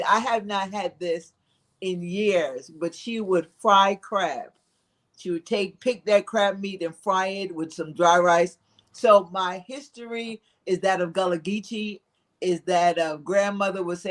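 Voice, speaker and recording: A woman guest recounts family history at an easy pace. She speaks reflectively, pausing with soft fillers as she gathers her thoughts. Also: mid-range voice. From Philadelphia, living in South Carolina. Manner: reflective, storytelling with frequent "uh" pauses. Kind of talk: casual interview storytelling.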